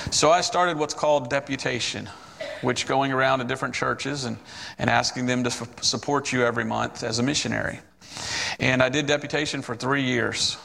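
Man, 40s, missionary preacher, sermon testimony, gravelly, lively quoted voices, reverberant hall. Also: medium pitch, slight background noise. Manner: storytelling, animated quoted voices.

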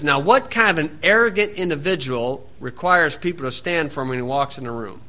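A man's voice: fairly high pitch, animated, a little fast, few pauses, bright, forceful tone. A man preaching a sermon, reading scripture aloud and breaking in with folksy, sarcastic asides. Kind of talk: sermon, Bible reading with commentary.

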